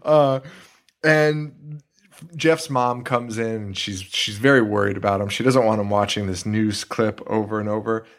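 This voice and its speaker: A man co-hosting a horror movie podcast, excitedly retelling scenes in casual, profane chat. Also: lowish voice, measured pace. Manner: excitable, swearing, retells scenes with quoted voices. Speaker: podcast co-host.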